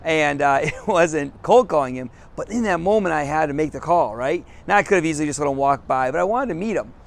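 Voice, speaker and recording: A man's voice: fairly high pitch, animated, a little fast, creaky. Upbeat middle-aged man outdoors. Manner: upbeat, laughs often, self-deprecating. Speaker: business coach. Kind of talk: casual storytelling to camera. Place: outdoors on a city sidewalk.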